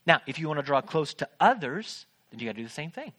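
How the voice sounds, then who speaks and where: Bright-voiced pastor man preaching. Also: on the high side, big pitch swings, fast. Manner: conversational, joking, asks the congregation questions. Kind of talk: sermon. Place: church stage.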